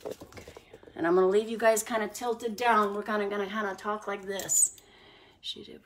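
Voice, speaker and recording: A woman's voice: medium pitch, little pitch movement, moderate pace, pauses often, far from the mic. A woman hosting a casual cooking livestream from her home kitchen, chatting straight to her viewers as she cooks. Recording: noisy home recording with clicks.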